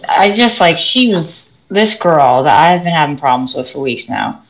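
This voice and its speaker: A woman who teaches orchestra, co-hosting a podcast and ranting in a lively, animated storytelling way. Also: low-pitched, normal speed, low-quality recording. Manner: animated storytelling, swings loud and soft. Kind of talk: casual podcast rant.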